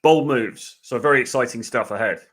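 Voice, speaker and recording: A man's voice: mid-range voice, brisk, a bit bright. A man hosting a live video-call chat show, talking in a chatty, rambling way with light teasing. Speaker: podcast host. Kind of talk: casual live-stream chat.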